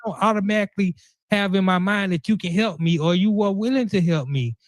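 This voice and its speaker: Podcast host, man, higher-pitched, animated slang, dry close sound. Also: fairly quick, dry recording. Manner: animated, slangy, thinks out loud. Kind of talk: casual conversation.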